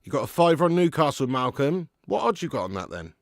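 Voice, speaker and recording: A man hosts a live football watch-along, mixing match commentary with easy chat and reading out viewers' comments. His voice has a gravelly edge and sits dry and close to the mic. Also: a little high, very animated, fast talker, no echo. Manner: chatty, reads out viewer comments. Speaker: watch-along stream host.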